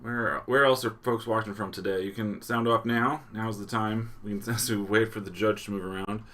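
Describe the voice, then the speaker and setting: A man's voice: on the low side, steady tone, normal speed, a bit bright. Guy hosting a live stream, laid back, chuckles a lot, reads off the chat. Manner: casual, reading viewer locations aloud; chuckles often, loose restarts. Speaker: livestream host.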